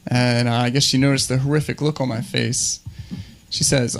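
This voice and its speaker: Deadpan male comedian telling a story. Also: medium pitch, normal speed, creaky. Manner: deadpan, dry delivery. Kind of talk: stand-up storytelling.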